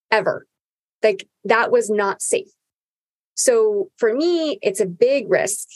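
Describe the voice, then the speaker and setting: In a casual conversation, a podcast host with a mid-range female voice talks candidly and earnestly about her personal experience.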